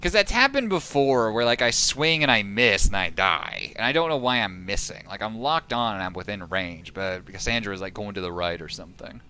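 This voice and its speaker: A man's voice: fairly low pitch, expressive, brisk, hardly any pauses, sharp tone, slight background noise. A man live-streaming a video game, chatting casually with viewers, sarcastic and often swearing at the game. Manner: sarcastic, profane, rambling asides to chat. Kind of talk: casual gaming commentary. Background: game music and sound effects.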